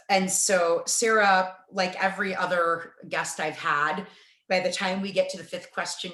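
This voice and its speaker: A woman hosting an interview, her voice low-pitched but bright and forceful. She talks with enthusiasm and slows down to stress key words. The room is echoey and roomy. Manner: warm, enthusiastic, slows down for emphasis. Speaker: podcast host. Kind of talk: casual interview chat.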